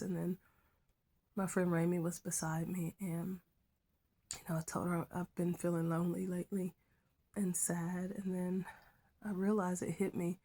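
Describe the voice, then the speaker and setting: A middle-aged woman teacher sharing a personal faith testimony in a soft, halting way that drops to a whisper at times. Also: lowish voice, flat delivery. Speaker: schoolteacher.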